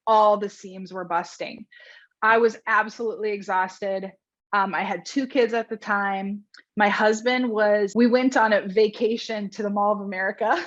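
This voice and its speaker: A woman in her thirties speaks as a podcast guest, recounting her real estate career with frank, chatty energy. Her voice sits at a middle pitch, and the recording sounds a bit dull and lo-fi. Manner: candid, fast storytelling with many likes and ums. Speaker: guest, realtor. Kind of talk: podcast interview storytelling.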